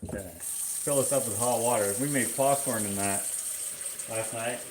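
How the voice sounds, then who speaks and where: In a very noisy recording, a male vlogger with a Canadian accent talks at normal speed in a medium-pitched voice. He's washing dishes at home, musing casually and rambling between thoughts with lots of fillers.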